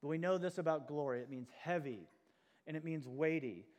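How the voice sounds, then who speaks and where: A man's voice: fairly high pitch, moderate pace, a little mellow, in a large hall. A man preaching a sermon as pastor, earnest and emphatic. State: out of breath.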